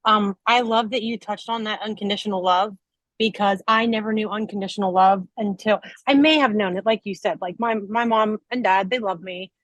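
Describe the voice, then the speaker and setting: A woman hosts a podcast in a casual, candid chat, sounding earnest and reflective and using "um" and "like" often. Her voice is medium-pitched and a bit bright at a normal speed. The recording is low quality but has no echo.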